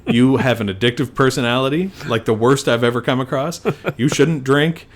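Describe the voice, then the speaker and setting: A middle-aged man in casual podcast chat, a doctor who tells exasperated stories. He swears freely and acts out the lines people said to him, in a voice of ordinary pitch. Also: normal speed. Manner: swearing storyteller, acts out quotes. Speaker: podcast co-host.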